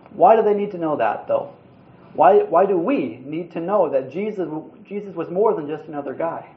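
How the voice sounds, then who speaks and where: A man delivers a sermon in an earnest, conversational way, stumbling and restarting his words now and then. His voice sits a little high for a man. The sound is roomy and somewhat muffled, as if recorded at the back of a large space. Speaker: preacher. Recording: roomy, slightly dull sound.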